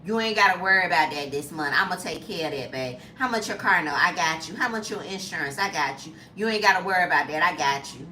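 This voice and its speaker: A woman voicing a smooth-talking man who promises to pay every bill, in a low, soothing way. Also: lively intonation, fast talker, hardly any pauses, pushed and bright, reverberant, a little hiss or hum. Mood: doting.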